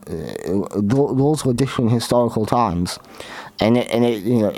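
Halting man, low voice. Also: darkish tone, no echo. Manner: halting, repeats and restarts words often. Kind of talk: opinionated history commentary.

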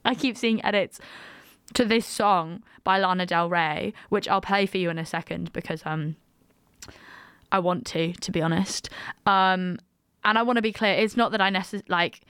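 A woman's voice: mid-range voice, a bit bright, smooth, dry recording, clean studio sound. A young woman hosting a radio show, chatting casually and self-mockingly and laughing often. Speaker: radio host. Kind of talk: casual on-air chat.

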